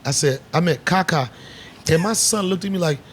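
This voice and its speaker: A middle-aged comedian with a slightly high voice tells stories at a moderate pace, with a bit of background noise audible. Sitting as a guest on a bar set, he chats casually, animatedly voicing characters and swearing a lot.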